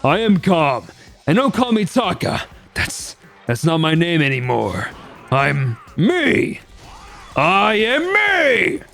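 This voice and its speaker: A man's voice: sing-song, slow, gravelly, long pauses, soft background music, heavily acted. Man doing a roaring, fired-up schoolboy. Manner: shouting, booming declarations. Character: loud hot-headed young male student, hall monitor.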